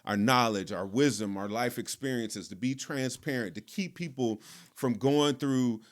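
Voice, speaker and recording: A man hosting a podcast, telling a personal story in a relaxed, conversational way. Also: mid-range voice, a little slow. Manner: relaxed, conversational, lots of fillers. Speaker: podcast host. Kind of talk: casual storytelling.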